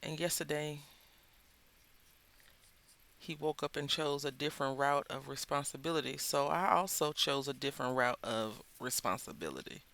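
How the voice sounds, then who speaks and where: A Southern-accented woman hosts a craft video from her table and chats her way through the work in a loose, rambling storytelling style. Her voice has a gravelly, fry-edged texture and a bright, forceful tone. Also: low voice, normal speed. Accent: Southern American. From Southern United States. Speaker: craft channel host. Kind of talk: casual chat while crafting.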